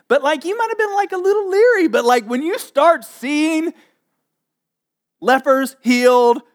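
A man preaching a sermon in a lively, jokey way, acting out the people in the story. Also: very high voice. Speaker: pastor.

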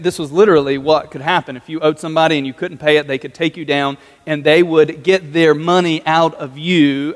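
A man preaching a sermon as a pastor in a relaxed, conversational way, with jokey asides. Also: fairly high pitch. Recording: long hall reverb.

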